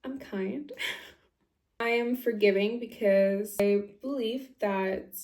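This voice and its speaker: In an echoey room, a female vlogger recounts a story with a medium-pitched, darkish voice at a slow pace. Her chat is casual and emphatic, sprinkled with "like" and her own laughter.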